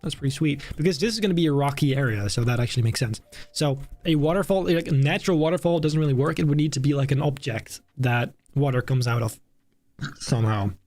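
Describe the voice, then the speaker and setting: A man's voice: mid-range voice, fast, a little mellow, no room sound. A young British man chatting casually on a live stream as he builds, thinking aloud and poking fun at himself. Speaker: streamer building a theme park. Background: faint background music.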